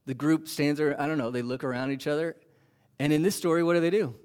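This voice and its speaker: A man preaching a sermon as pastor, animated and asking the congregation rhetorical questions. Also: a little high, fast talker, smooth.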